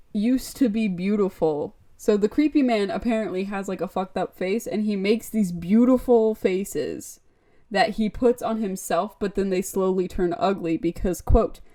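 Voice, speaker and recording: A woman's voice: medium pitch, a little slow. A woman co-hosting a podcast, retelling an episode in casual chat and acting out the characters' lines. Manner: animated storyteller, acts out the lines, says like often. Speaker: podcast co-host.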